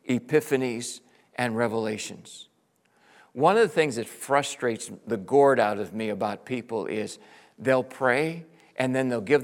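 A man preaching a sermon as pastor, swinging between hushed lines and loud shouted bursts, acting out his listeners in quotes. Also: mid-range voice. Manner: acts out listeners' voices in quotes.

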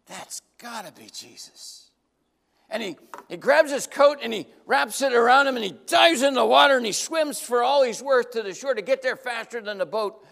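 This sermon comes from a male pastor with a high voice and some vocal fry, who acts out characters' lines in shifting voices as he tells a vivid, dramatic story. A long reverb suggests a big church sanctuary.

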